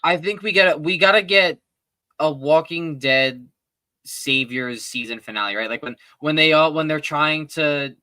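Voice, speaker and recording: A man co-hosting a casual fan podcast, excitable and rambling, often restarting his sentences. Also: fairly high pitch, normal speed, dry recording. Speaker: podcast co-host.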